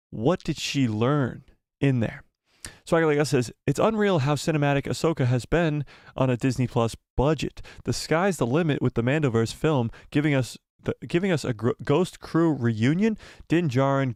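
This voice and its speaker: A man hosting a live stream, reading chat messages aloud and answering them excitedly. He repeats phrases for emphasis, and his voice is starting to go. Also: mid-range voice, dry recording, clean studio sound. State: losing his voice.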